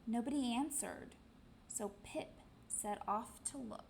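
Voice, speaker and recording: A woman's voice: fairly high pitch, slow, creaky, slight background noise, low-quality recording. A woman teacher reading a storybook aloud expressively, acting out sound effects.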